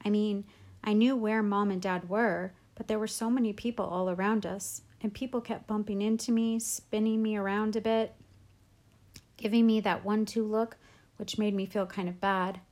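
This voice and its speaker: Woman read-aloud host, clear, expressive novel narration. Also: mid-range voice, moderate pace.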